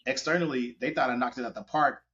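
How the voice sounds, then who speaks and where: A man, a wedding photographer, telling stories in a casual, animated interview. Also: mid-range voice, fast. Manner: animated, hustling storyteller. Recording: dull lo-fi audio.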